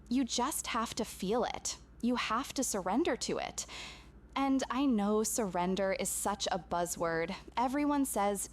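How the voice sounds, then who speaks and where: Lively-voiced woman channeling a spiritual message. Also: fairly high pitch, a little hiss or hum. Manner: earnest, intimate, emphatic repetition. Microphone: camera.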